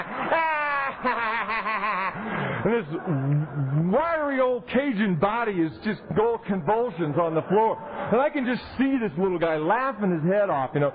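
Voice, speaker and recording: A man speaking at a recovery convention, telling his story in an animated way and acting out the people he quotes. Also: sits high, a little hiss or hum. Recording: tinny 1990s tape recording.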